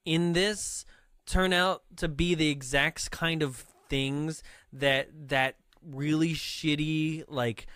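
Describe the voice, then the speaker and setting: Laughing podcast man, high voice. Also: fairly even intonation, takes it slowly, a bit bright, clear, resonant tone, dry recording. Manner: laughs often, quotes lines in a put-on accent. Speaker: podcast co-host. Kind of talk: casual movie review chat.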